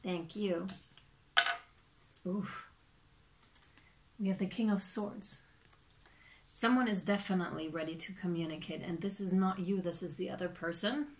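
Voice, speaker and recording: A woman giving a casual tarot reading, chatty and animated, with many fillers and playful acted-out reactions. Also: on the low side, a little slow, long pauses, slight background noise. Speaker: tarot reader.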